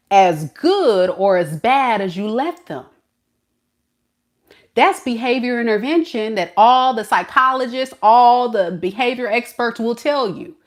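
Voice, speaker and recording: A woman who reads tarot, talking casually to camera with a preachy, colloquial delivery and drawn-out emphasis. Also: fairly high pitch, sing-song. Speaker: tarot reader.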